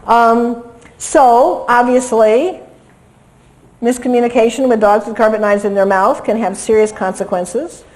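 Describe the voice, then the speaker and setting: A woman lecturing on dog behavior over video clips, lively and acting out what the dogs seem to think. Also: fairly high pitch, measured pace, poor audio. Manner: lively, acts out dogs' thoughts in quotes.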